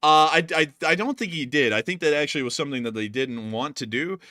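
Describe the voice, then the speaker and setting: Bright, excitable young man chatting. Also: a little high, fast talker, no echo, clean studio sound. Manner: excitable, laughing, many fillers. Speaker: co-host of a news livestream. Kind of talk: casual livestream chat.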